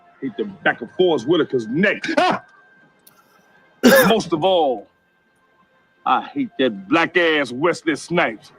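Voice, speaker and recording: A man's voice: fairly high pitch, sing-song, takes it slowly, long pauses, a bit bright, slightly rough, heavily acted, rough recording. An actor playing a bitter, hostile man who rants insults in a film scene. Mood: sneering. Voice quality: sneering, insulting. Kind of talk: film acting. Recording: film clip with music under it.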